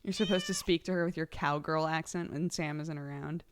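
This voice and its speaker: Speaking a little fast in a low, steady voice, a young woman livestreamer makes casual conversation with her viewers. She's cheerful and giggly and thanks each subscriber by name.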